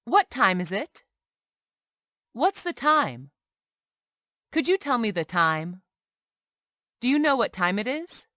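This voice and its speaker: A woman reading short everyday English phrases aloud one by one, clearly and carefully, as a language lesson. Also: fairly high pitch, sing-song, slow, long pauses, bright, forceful tone, no echo, clean studio sound. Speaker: English teacher.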